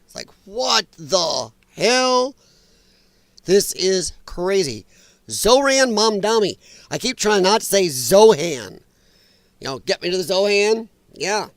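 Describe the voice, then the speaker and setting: A man's voice: high voice, big pitch swings, slow, no echo. A man hosting a casual political commentary livestream, chatty and sarcastic, laughing often, his voice a little strained. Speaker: livestream host. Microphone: own microphone.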